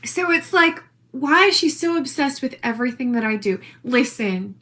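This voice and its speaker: High, bright-voiced brash woman ranting. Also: normal speed, hardly any pauses. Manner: brash, profane, defiant. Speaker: social media poster. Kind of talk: rambling self-recorded video rant.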